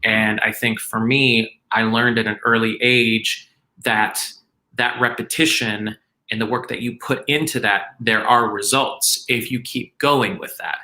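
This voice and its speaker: A man with a very bright, forceful voice, chatting loosely on a video call. He rambles, restarts and pads his talk with fillers, and he pokes fun at himself. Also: lowish voice, poor audio. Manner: rambling, self-deprecating, lots of fillers. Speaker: guest performer. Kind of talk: casual video-call interview.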